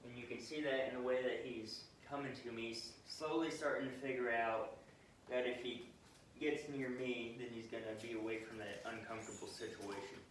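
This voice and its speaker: A man's voice: mid-range voice, steady tone, moderate pace. A young man, a dog trainer, talking casually through a vlog while coaxing a puppy with repeated calls, recorded outdoors on a camera mic. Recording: echoey and distant, with noisy outdoor ambience.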